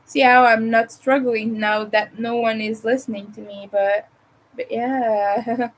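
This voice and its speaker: A woman's voice: fairly high pitch, fairly even intonation, a little slow, a little hiss or hum, rough recording. A woman from Montreal with a Montreal English accent, hosting a casual crochet livestream from home, rambling and thinking aloud as she works. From Montreal, Canada. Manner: rambling, chatty, thinks aloud while crafting.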